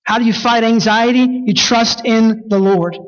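A man's voice: steady tone, muffled recording. A man preaching a sermon, reading scripture and rising sharply when he rebukes. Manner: preaching, rises high and fast when rebuking. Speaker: pastor.

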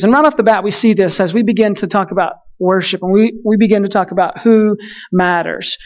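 A man's voice: sits high, a little fast, highs cut off. A man preaching a casual sermon, telling a personal story in a loose, conversational way. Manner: conversational, frequent fillers and restarts, storytelling.

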